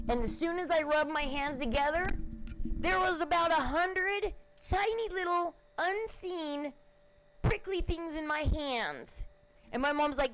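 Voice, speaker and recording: A woman's voice: sits high, unhurried, fairly bright tone, slight background noise, rough recording. A woman host rambling casually to her viewers in a chatty, emphatic way. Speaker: channel host.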